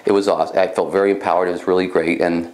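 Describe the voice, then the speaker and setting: A man's voice: sits low, level tone, racing, darkish tone. A man working as a psychic medium, casually telling a personal story in a rambling way, often repeating himself. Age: young adult.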